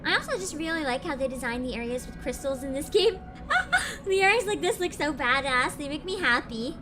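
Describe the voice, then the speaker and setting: High, lively, excitable woman streamer. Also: brisk, over music. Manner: excitable, laughs often, swears. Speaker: game streamer. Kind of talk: casual live-stream chat.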